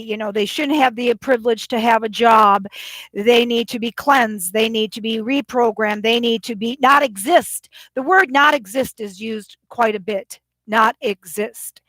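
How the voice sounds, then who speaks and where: A woman's voice: on the high side, a bit bright, dry recording. A woman vlogger retelling a phone call in an agitated, rambling way, often quoting both sides. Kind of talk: casual vlog rant.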